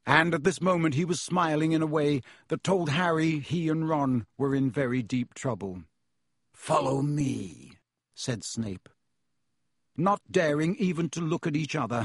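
A man reading a storybook aloud in a measured, expressive way. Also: a little high, dry recording, clean studio sound. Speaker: audiobook narrator.

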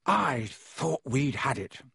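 A man's voice: medium pitch, sing-song, takes it slowly, creaky, bright, forceful tone, slightly rough, no echo, clean studio sound, full character voice. A man reading an audiobook, voicing a cheeky, blunt young schoolboy with an offhand way of talking. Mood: casual.

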